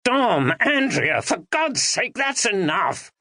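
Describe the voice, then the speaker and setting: A man's voice: high voice, expressive, moderate pace, a bit bright, no echo, clean studio sound, voice pushed up. A man doing an urgent young man, raised voice. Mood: shouting. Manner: urgent and commanding. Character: young man taking charge in a crisis.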